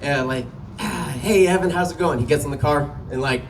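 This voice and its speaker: High-voiced male comic, distant mic. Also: fairly quick, slight background noise. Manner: loose storytelling, profane, laughing at own jokes. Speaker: stand-up comic. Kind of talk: stand-up comedy set. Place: small comedy venue.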